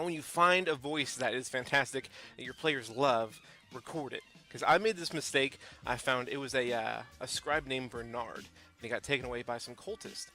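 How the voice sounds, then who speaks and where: Brief: male YouTuber, casual tips video, rambling and filler-heavy, crisp and bright tone. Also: medium pitch. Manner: loose, rambling delivery with frequent fillers. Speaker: tabletop game YouTuber. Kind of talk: casual tutorial talk.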